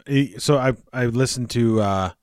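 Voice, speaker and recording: A man co-hosting a casual podcast chat, relaxed and quick to laugh, often restarting his sentences. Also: medium pitch, no echo, clean studio sound. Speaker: podcast co-host.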